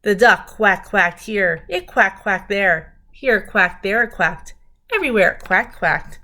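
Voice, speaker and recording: A woman's voice: medium pitch, measured pace. Woman reading a picture book aloud. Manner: gentle, talks to young listeners while showing pages. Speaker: reader of a children's book.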